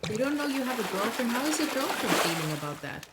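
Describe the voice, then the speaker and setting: A woman's voice: a little high, very animated. A young woman, chatting casually with viewers while playing a game on a live stream. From Norway. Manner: chatty, answers chat aloud, quick asides to the game. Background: loud game music.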